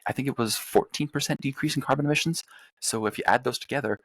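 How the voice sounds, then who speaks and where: Fast-talking young man, gravelly voice. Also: mid-range voice, a bit bright, dry recording. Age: young adult. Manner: fast, profane, emphatic ranting. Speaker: podcast host. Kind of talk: casual political chat.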